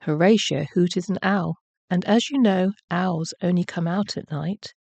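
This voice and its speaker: A woman narrating a children's bedtime story in a gentle, measured way. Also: fairly low pitch, gravelly, dry recording.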